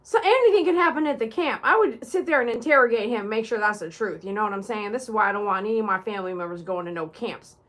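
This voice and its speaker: A woman's voice: mid-range voice, fast, hardly any pauses, a bit bright. A woman hosting a casual livestream as a dog groomer, chatty and teasing as she talks straight to her viewers.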